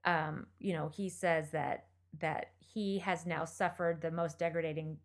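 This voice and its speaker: A woman's voice: low-pitched, fairly even intonation, measured pace. A woman co-hosting a podcast, telling a true crime story in a chatty, blunt way with lots of fillers. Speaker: podcast co-host.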